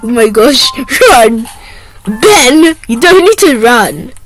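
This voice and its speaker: A woman plays out a toy role-play, voicing a whole cast on her own. Her voice sits high and swoops widely, and she keeps slipping into giggles. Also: expressive, slow pace, soft background music, rough recording. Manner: giggly, playful, often breaking into laughter.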